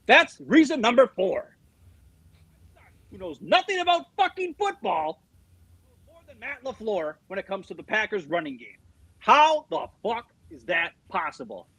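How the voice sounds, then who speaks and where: A middle-aged man co-hosting a sports chat show, with a husky, rather high voice. He rants in a heated, profane way and swings his pitch all over the place. The sound is dry and close, with no room around it. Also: very animated, a little slow, a bit bright, no echo, poor audio. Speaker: sports podcast co-host.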